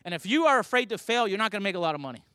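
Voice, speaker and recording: A man preaching a sermon with a high, bright-edged voice. He tells stories in a conversational way, then rises to fervent, emphatic declarations. The sound is dry and close, with little room echo. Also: sing-song, very fast, smooth. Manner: storytelling, rising to fervent emphasis.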